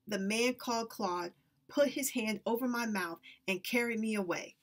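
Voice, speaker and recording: A woman reading a story aloud with expressive, lively narration. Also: a little high, moderate pace. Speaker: reader.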